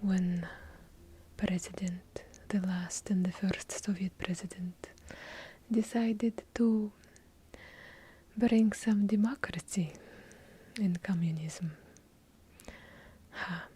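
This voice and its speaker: A woman's voice: mid-range voice, takes it slowly, long pauses, mellow, slightly rough. A woman with a heavy Russian accent whispering ASMR trigger words, drawing out each repeated word and slipping in wry asides. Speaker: ASMR creator. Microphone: handheld field recorder.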